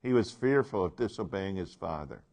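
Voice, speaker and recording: A man's voice: low voice, animated, normal speed, a little mellow. A man teaching a Bible class, speaking emphatically and asking his listeners questions.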